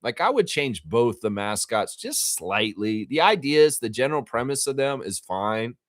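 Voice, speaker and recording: A fan channel host runs a live reaction stream, chatting casually and animatedly, acting out quotes and dropping the odd swear word. His mid-range voice moves at a moderate pace, recorded in studio quality with no echo.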